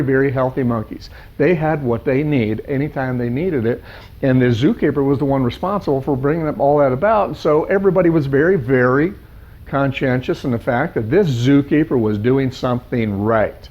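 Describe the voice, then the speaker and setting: Animated, higher-voiced male life coach. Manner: animated, piling up lists of words. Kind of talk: storytelling in a coaching session. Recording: dull lo-fi sound.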